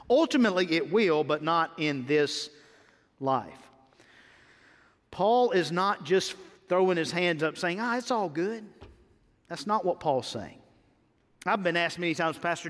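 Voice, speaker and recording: A preacher with a fairly high, bright voice delivers his sermon in a church sanctuary. He mixes folksy homespun stories with emphatic points, rising loud and dropping soft. A long reverb trails every line. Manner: folksy storytelling, dramatic swings between loud and soft. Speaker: pastor.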